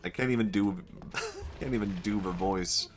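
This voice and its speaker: Low-voiced man streaming casually. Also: wildly swooping pitch, moderate pace, faint music behind. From Sweden. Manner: muses aloud, laughs often, self-mocking. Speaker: livestreamer. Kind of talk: casual chat while gaming.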